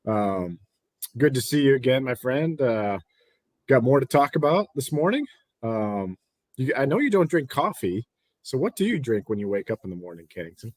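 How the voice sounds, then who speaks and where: A man's voice: mid-range voice, big pitch swings, normal speed, no room sound. A man hosting a sports podcast in a loose, chatty way with plenty of fillers. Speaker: podcast host. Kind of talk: casual sports podcast chat.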